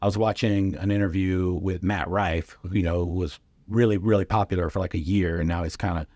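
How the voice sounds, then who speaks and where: A man's voice: sits low, steady tone, fairly quick, darkish tone, no room sound. A middle-aged man, a comedian, telling casual stories on a podcast and acting out the voices of other people in his quotes. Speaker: comedian guest.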